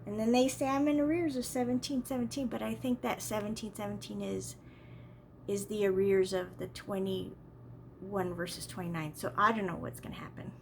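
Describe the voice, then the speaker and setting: A woman's voice: mid-range voice, steady tone, normal speed, creaky, a little mellow, slight background noise. A woman vlogger telling a rambling, exasperated story in a casual way, often repeating herself.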